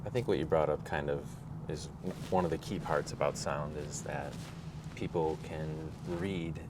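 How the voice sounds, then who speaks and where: A man co-hosting a podcast, talking in a relaxed, rambling way and laughing often. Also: rumbling low, moderate pace. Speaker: podcast co-host. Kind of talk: casual chat. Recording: noisy background hum.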